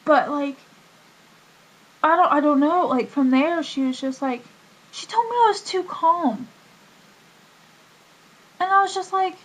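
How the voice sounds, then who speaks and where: A woman's voice: high voice, rough recording. A young woman vlogging casually about a doctor's visit, rambling with many fillers and restarts. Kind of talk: casual health vlog.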